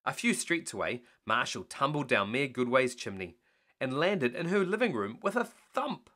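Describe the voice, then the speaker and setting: A man reading a bedtime story aloud in an animated way. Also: mid-range voice, moderate pace.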